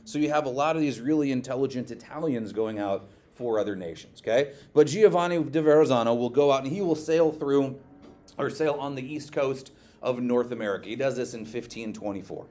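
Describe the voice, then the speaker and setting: A male teacher giving a classroom lecture, lively, quizzing his students and checking in with "okay" often. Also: mid-range voice.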